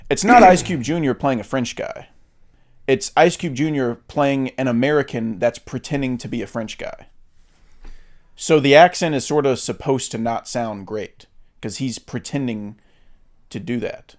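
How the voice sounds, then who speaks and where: On a casual film-chat podcast, this co-host talks in a medium-pitched voice at a moderate pace. He's opinionated and relaxed, dropping the occasional swear word and lots of filler words.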